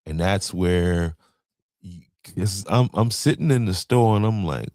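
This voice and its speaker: A man's voice: deep voice, measured pace, darkish tone, no echo. A man hosting a podcast, talking loosely in slang and stumbling over names as he runs through a list. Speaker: podcast host. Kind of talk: casual commentary.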